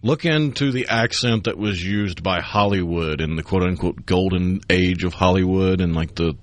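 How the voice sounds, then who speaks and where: A man co-hosts a radio talk show, patiently laying out facts and trivia. His voice sits fairly low, and the studio sound is dry and close. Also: normal speed, no room sound. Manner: explanatory, trivia-minded. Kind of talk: casual studio chat. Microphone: studio microphone.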